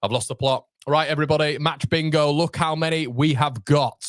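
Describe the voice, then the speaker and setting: A man hosting a live match watchalong, chatty and excitable, talking straight to his viewers. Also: fairly high pitch, moderate pace, no room sound. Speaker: host of a football fan channel.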